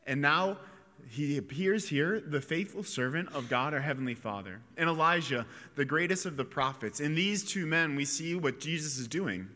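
Speaking with a sharp tone and a slightly high, animated voice, a man preaches an earnest, reflective homily. He pauses and restarts now and then, and the chapel gives the recording a long echo.

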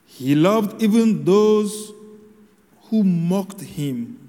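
A man preaching a sermon in a slow, measured homily delivery with solemn pauses. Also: high voice, animated, dark tone, big-room sound.

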